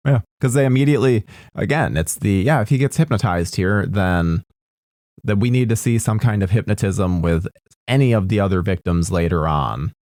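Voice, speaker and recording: A man's voice: on the low side, normal speed, darkish tone, dry recording, studio quality. A man co-hosting a podcast in casual chat, asking exasperated, incredulous questions. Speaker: podcast co-host.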